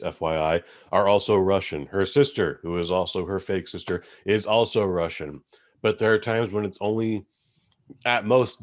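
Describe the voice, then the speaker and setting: A young adult man hosting a podcast, chatting casually about movies in a rambling, animated way with casual swearing. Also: low voice. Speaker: podcast host. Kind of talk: casual movie-review chat.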